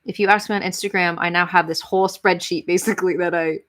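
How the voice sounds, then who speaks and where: A woman's voice: fairly low pitch, steady tone, quick pace, a bit bright. An American woman hosting a casual live-stream question session, talking in a rambling way and correcting herself as she goes. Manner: rambling, self-correcting, filler-heavy.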